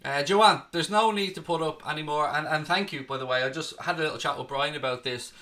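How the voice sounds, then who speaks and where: A man's voice: on the high side, a little fast, pushed and bright. An Irish man hosting a live stream, chatting casually, reading viewer comments aloud and answering them, with the odd swear word. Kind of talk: casual live watchalong chat.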